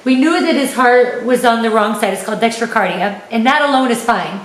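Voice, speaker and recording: A woman's voice: on the high side, brisk. A young woman telling her family story in an earnest, casual way, speaking as the mother. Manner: earnest, acts out shouted voices in quotes. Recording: roomy echo with loud background music.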